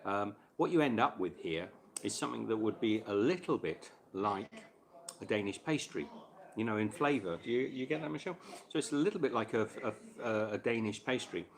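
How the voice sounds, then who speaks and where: A man's voice: fairly low pitch, lively intonation, a little fast, creaky. Chatty man cooking on a live stream. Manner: chatty, eating while talking, answers viewer questions. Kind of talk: casual live chat while cooking.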